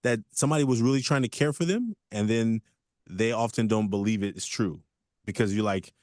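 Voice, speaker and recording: A man on a radio talk show speaking in a reflective, soft-spoken way. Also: on the low side, fairly quick, dry recording, studio quality.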